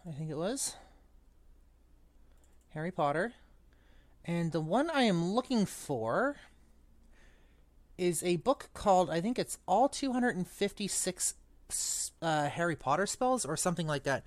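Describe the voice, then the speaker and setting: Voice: medium pitch, big pitch swings, a little slow, long pauses, no echo. A book club podcast co-host in casual chat, rambling and thinking aloud, with the odd swear.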